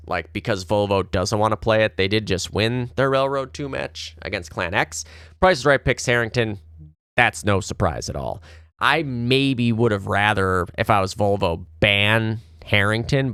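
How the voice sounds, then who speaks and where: A man's voice: lowish voice, a bit bright, clean tone, no echo, studio quality. A young man hosting a podcast, casually breaking down esports playoff matchups with loose, rambling talk and casual swearing.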